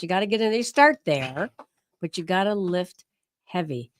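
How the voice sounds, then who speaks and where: A middle-aged woman in a casual chat, encouraging and quick with short affirmations. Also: on the low side, expressive, slight background noise. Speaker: podcast co-host.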